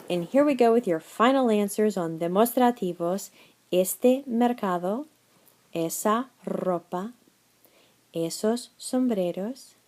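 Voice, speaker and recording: A woman teaching a Spanish class in a recorded slideshow lecture, encouraging, dropping in Spanish words and reading answer lists slowly. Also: mid-range voice, a little mellow. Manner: encouraging, switches between English and Spanish phrases.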